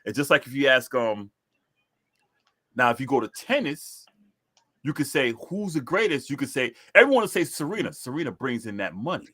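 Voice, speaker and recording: A man's voice: medium pitch, big pitch swings, moderate pace, bright, forceful tone, slightly rough. A man co-hosting a casual podcast chat about sports, repeating himself to press his points. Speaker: podcast co-host.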